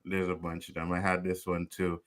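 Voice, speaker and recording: A man hosts a casual online panel talk, greeting viewers and joking with his co-hosts. His voice sits a bit low but rings bright. He swears freely and laughs between lines. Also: monotone, a little fast. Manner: loose, laughing, cursing, talks to viewers. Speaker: show host.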